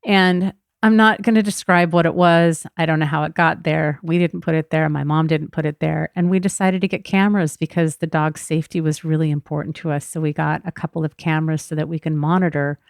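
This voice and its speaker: A woman's voice: low-pitched, vocal fry, no room sound, studio quality. A middle-aged woman hosting a podcast, telling a personal story in a candid, reflective way. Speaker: podcast host.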